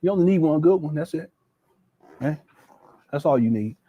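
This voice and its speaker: A man's voice: on the high side, expressive, moderate pace, dark tone, highs cut off, slight background noise. A middle-aged man hosting casual reaction commentary, laughing often and mocking what he plays. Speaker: commentary host.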